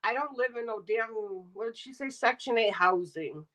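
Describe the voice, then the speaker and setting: A woman's voice: on the high side, lively intonation, normal speed, fairly bright tone, poor audio. A middle-aged woman streaming live, ranting bluntly and sarcastically while talking to her chat. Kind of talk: casual livestream rant.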